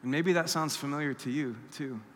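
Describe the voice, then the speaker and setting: A pastor preaches a sermon in a fairly high, brisk, fairly bright male voice, telling a personal story and acting out the voices of the people he quotes. Long hall reverb trails his words.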